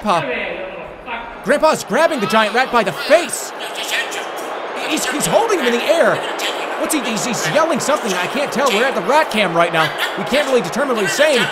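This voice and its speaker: A man doing excited mock sports commentary as a streamer, shouting like an announcer. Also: extremely high pitch, normal speed, heavy background noise.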